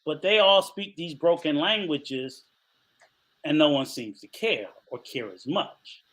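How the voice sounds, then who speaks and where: An older man co-hosting a podcast in casual chat, telling animated stories, laughing often and acting out other people's voices. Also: a little high, measured pace. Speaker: podcast co-host.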